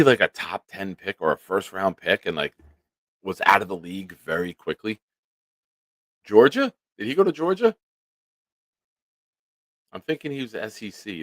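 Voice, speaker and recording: A man's voice: low-pitched, fairly bright tone, dry recording, clean studio sound. A man hosting a sports livestream who chats loosely, swears freely, and reads out viewer comments. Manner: loose and profane, laughs easily. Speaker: livestream sports show host. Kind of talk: casual live-stream chat, reading viewer comments.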